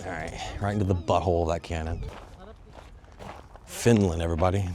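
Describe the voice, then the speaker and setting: Young dude vlogging into his phone on a stick, real low voice, hyped and joking, kinda out of breath. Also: brisk. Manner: excitable and joking, swears, talks straight to viewers. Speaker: travel vlogger. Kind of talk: casual walking vlog talk. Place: outdoors and in stone tunnels of a sea fortress. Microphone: phone on a selfie stick.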